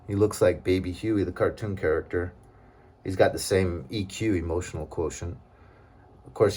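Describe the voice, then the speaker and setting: Husky low-voiced man rambling. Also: a little mellow. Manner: rambling, aggrieved, with many fillers and digressions. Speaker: vlogger. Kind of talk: casual monologue to camera.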